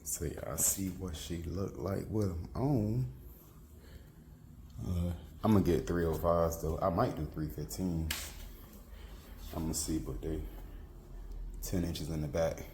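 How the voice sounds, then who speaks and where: A man's voice: deep voice, measured pace, pauses often, mellow, slight background noise. A man casually talking through a car vlog in loose slang, trailing off with fillers as he shows off his vehicle and home. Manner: laid-back slangy talk, trailing off with fillers. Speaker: car vlogger.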